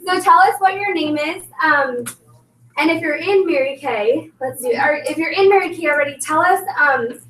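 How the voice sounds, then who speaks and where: A high-voiced woman runs a sales team meeting in a chatty, bubbly way, tossing in plenty of "like" and "um". She is heard from across the room. The room echoes around her. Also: normal speed, a bit bright, distant mic, slight background noise. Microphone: recorded from across the room.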